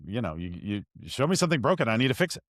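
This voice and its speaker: A man hosting a podcast interview, telling stories in an animated, self-deprecating way with frequent restarts. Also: mid-range voice, very fast, no room sound, clean studio sound. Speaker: podcast host. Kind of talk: conversational interview.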